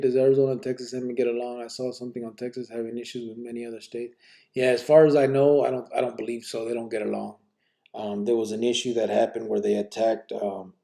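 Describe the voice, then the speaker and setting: A man hosting a live podcast, reading listener questions and telling stories in relaxed street slang sprinkled with Spanish words. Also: fairly low pitch, gravelly. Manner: reads out listener questions and answers them. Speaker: podcast host. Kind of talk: live podcast, casual storytelling.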